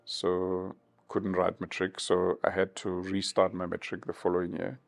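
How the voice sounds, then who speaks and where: A man in his fifties from South Africa, giving measured, thoughtful interview answers with many pauses. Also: deep voice, monotone, creaky. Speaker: interview guest.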